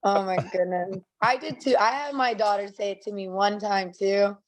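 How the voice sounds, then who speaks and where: A woman guest on a podcast, telling stories in a lively, blunt, profane way and laughing often. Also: medium pitch, moderate pace. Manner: acts out quotes in a raised voice. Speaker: guest, bare-knuckle fighter. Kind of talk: casual podcast chat, animated storytelling.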